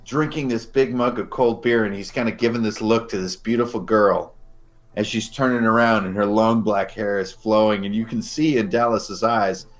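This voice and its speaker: A man as game master, narrating scenes descriptively and slowing down for dramatic moments. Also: fairly low pitch, steady tone, faint music behind.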